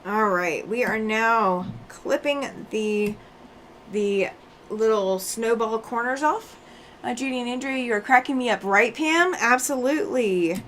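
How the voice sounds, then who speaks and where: A giggly, chatty woman with a fairly high voice talks casually while she works on her quilting. She laughs often as she reads out viewer comments, and she sounds a bit tired after a day on the road. A soft room hum sits faintly behind her. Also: measured pace. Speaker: quilting livestream host.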